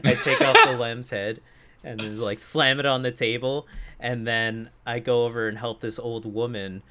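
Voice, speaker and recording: A man's voice: medium pitch, steady tone, normal speed, bright, forceful tone. A man co-hosting a podcast, telling a profane, laughing story about a rude customer in casual chat. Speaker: podcast co-host.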